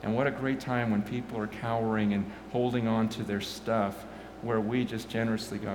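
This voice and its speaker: Animated preaching man, noisy room. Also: on the low side, normal speed, hardly any pauses, reverberant. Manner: animated, rising loud when excited, stammering restarts. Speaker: pastor. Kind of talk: sermon.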